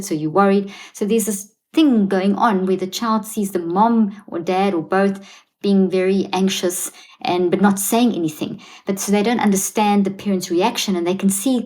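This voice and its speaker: A woman's voice: mid-range voice, darkish tone. A woman with a South African accent explaining parenting advice earnestly, often restarting her sentences and acting out what a parent might say. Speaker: guest psychologist.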